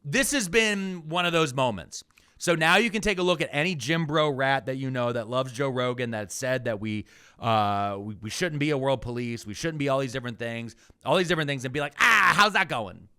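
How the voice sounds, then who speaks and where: A man's voice: medium pitch, a little fast, a bit bright, clean tone. A man co-hosting a podcast, ranting with profanity in casual news commentary. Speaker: podcast co-host.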